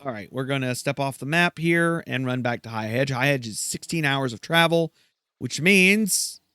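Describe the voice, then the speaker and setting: A man's voice: mid-range voice, expressive, moderate pace, sharp tone, smooth, no echo. Chatty man narrating gameplay. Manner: rambling, chatty, self-deprecating. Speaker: gameplay host. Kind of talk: let's play commentary.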